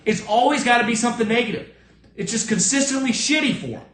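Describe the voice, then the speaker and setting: A man's voice: animated, fast, a bit bright, reverberant. A man hosting a sports podcast alone, giving blunt, profane, emphatic opinions. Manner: acts out other people's lines in a lower voice. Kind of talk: solo opinion rant.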